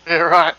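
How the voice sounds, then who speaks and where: A man's voice: sharp tone, dry recording, lo-fi sound. A man with an Australian accent, chatting casually during a sim race stream, laughing often and swearing freely while telling rambling stories. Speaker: sim racing stream co-host. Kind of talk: casual chat.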